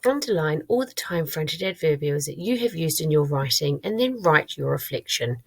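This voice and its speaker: A woman primary school teacher giving a recorded lesson. She speaks clearly and encouragingly to her pupils and thinks aloud as she checks her own writing. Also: deep voice, expressive, moderate pace.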